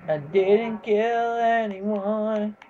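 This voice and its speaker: A gameplay commentator talking casually over a match, excitable, exclaiming and swearing at the game. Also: mid-range voice, extremely slow, highs cut off, soft background music.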